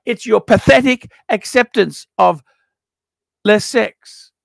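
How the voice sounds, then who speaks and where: A middle-aged man reviews a watch collection in a blunt, swearing rant. His voice sits high and gravelly, with a sharp, forceful edge. The sound is dry and close. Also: takes it slowly, no echo. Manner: blunt, profane, ranting advice. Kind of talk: unscripted paid review monologue.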